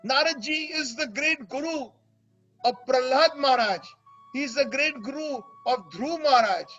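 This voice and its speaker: A man's voice: very high voice, fairly bright tone, highs cut off. A man telling a devotional story as a sermon, with an emotional delivery that turns tearful at times. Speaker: religious storyteller.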